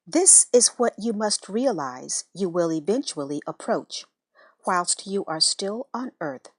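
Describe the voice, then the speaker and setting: A woman giving a slow, measured, reverent reading of a spiritual letter and meditation prayer. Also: medium pitch, lively intonation, no room sound, studio quality. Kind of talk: scripted devotional reading.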